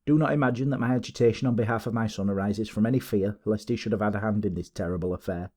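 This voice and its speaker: A man's voice: fairly low pitch, quick pace, warm tone, natural voice. A man voicing a distressed middle-aged mother who keeps a boarding house, speaking in an agitated, pleading way.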